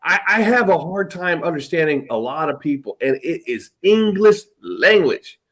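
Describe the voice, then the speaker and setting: A man hosting a podcast, talking in a fairly high, husky voice. His pitch moves a lot as he rambles. He swears freely and speaks bluntly. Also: very animated, normal speed, fairly bright tone. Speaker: podcast host. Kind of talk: casual chat.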